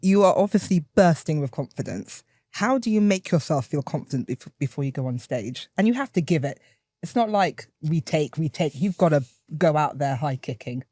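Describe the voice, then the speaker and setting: Lively, gushing woman host. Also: deep voice, moderate pace, no room sound, studio quality. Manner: gushing, enthusiastic. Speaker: podcast host. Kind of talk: podcast interview.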